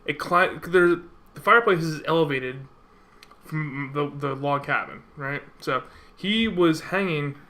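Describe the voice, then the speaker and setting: A young man rambling excitedly through an anecdote on a podcast, swearing freely. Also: on the high side, a little slow. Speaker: podcast co-host. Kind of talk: casual chat over beers.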